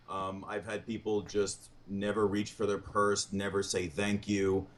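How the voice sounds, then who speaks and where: A man's voice: on the low side, measured pace, few pauses. A man, a comedian guest, telling dating stories in a casual interview and acting out what people said. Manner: animated, quotes people in dialogue.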